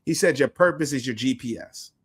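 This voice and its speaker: A man co-hosting a podcast, telling a story in a lively, animated way, full of laughter, slang and swearing. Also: mid-range voice, fairly quick, breathy edge. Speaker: podcast co-host. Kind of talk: casual storytelling chat.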